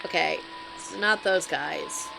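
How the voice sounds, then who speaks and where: A woman's voice: deep voice, slow, creaky, music in the background, low-quality recording. A young woman streaming a game, chatting wryly to her viewers. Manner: chatty, wry asides to viewers. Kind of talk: casual gameplay commentary.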